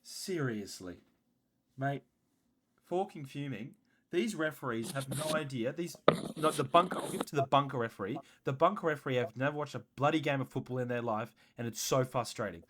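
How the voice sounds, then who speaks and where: A man's voice: medium pitch, animated, brisk, background noise. Aussie guy ranting on a footy podcast, all worked up, swears a lot. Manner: fired-up, swears, swings loud and quiet. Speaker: podcast co-host. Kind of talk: casual sports podcast rant.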